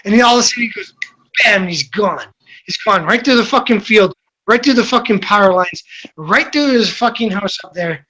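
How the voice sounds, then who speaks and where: Profane, rambling bright-voiced man. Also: high-pitched, fairly quick. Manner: rambling, profane, laughing through the story. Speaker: podcast host. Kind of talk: casual storytelling among friends.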